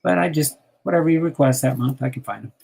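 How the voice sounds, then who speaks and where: Older host, gravelly and husky, easygoing chat, laughs a lot. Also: male voice, fairly high pitch, fast talker, darkish tone. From New Jersey. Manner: chatty, laughs often, reads out card names. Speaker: host sorting baseball cards on a stream. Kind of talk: casual chat.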